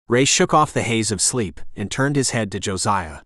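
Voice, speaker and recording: A man narrating an audiobook in a calm, even reading voice. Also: on the low side, normal speed, hardly any pauses, no echo, clean studio sound. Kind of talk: scripted narration.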